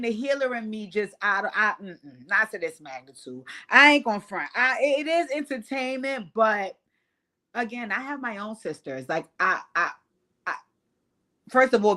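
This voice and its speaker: A woman doing casual, animated reality-show commentary, swearing freely. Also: medium pitch. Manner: animated, profane, laughing asides. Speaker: show recap vlogger.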